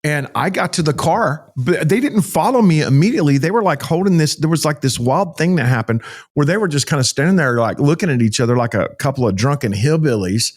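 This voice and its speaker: A man's voice: fairly high pitch, lively intonation, brisk. A middle-aged man, a pastor talking as a podcast guest, tells a story vividly, acting out the dialogue and repeating phrases for emphasis. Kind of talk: emotional storytelling in conversation.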